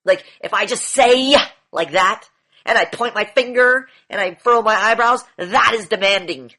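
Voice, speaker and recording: A man's voice: high voice, moderate pace, sharp tone. A man coaching a group in an online session, lecturing bluntly, repeating key phrases and swearing now and then. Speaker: demand training coach.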